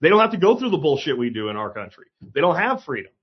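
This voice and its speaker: A man delivers a blunt, sarcastic opinion monologue, peppered with profanity and emphatic asides. His voice sits a little high and sounds husky. The recording is slightly dull and lo-fi. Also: very animated, quick pace. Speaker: commentary host.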